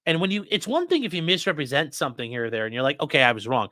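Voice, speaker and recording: Blunt, animated male stream host. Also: a little high, racing, few pauses, dry recording, clean studio sound. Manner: blunt, profane, mocking. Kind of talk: live stream commentary.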